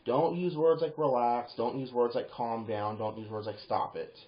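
A man giving advice in a casual monologue, animated and rambling, breaking into quoted voices and swearing now and then. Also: mid-range voice, normal speed. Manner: animated, acts out quoted lines in bursts, swears; rambling with restarts and fillers. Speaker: vlogger. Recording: roomy, dull lo-fi home video.

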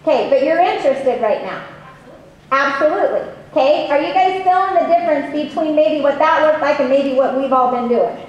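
A woman giving a motivational sales seminar and coaching the audience in an animated way with acted examples. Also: high voice, fairly quick, dull audio. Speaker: sales trainer. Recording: very echoey hall, faint noise.

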